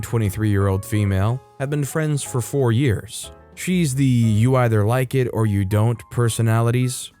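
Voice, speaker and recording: A man's voice: medium pitch, warm tone. A man hosting a storytelling channel, reading online stories aloud and adding casual, opinionated comments between them.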